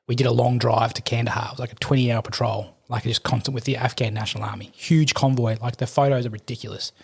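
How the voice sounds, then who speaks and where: A man's voice: mid-range voice, flat delivery, vocal fry, slightly rough. A middle-aged Australian man, a podcast guest, telling rambling war anecdotes in casual chat. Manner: rapid, rambling anecdotes with laughter. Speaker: podcast guest, army veteran and firefighter.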